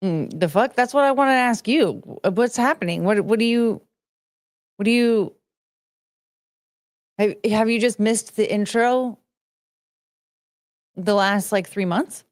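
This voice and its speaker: A woman's voice: mid-range voice, unhurried, pauses often, no room sound, clean studio sound. A young woman hosting a casual live stream, rambling and chatting with her viewers and greeting them by name. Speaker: livestream host.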